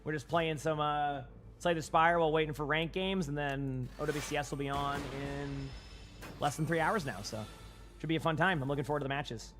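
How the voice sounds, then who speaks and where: A man's voice: a little high, steady tone, brisk, a bit bright, soft background music. A young man with a Boston accent giving casual, rambling live-stream commentary while playing and chatting with viewers on a headset mic.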